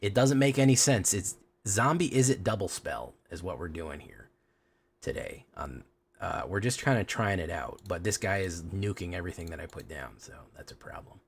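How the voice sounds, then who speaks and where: A man's voice: deep voice, sing-song, moderate pace, creaky, a little hiss or hum. Rambling man streaming a card game. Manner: rambling, talkative, answering chat questions. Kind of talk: casual gameplay commentary, chatting with viewers.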